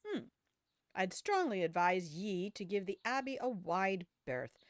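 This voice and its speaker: A woman's voice: medium pitch, lively intonation, measured pace, no echo, studio quality, lightly acted. A woman voicing a chatty wandering male trader in a video game, who warns with an old-fashioned way of talking. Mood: cautionary. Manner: old-fashioned storyteller's telling, uses "ye".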